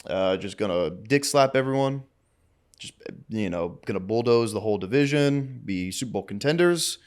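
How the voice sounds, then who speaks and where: A man's voice: on the low side, animated, moderate pace. A young man co-hosting a casual sports podcast, brash and profane, trash-talking a rival team. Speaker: podcast co-host.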